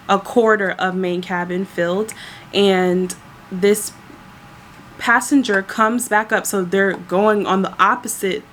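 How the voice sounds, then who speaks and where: A woman's voice: medium pitch, slight background noise. A woman flight attendant casually telling a story about her workday to her viewers, chatty and exasperated. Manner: chatty, exasperated, animated retelling.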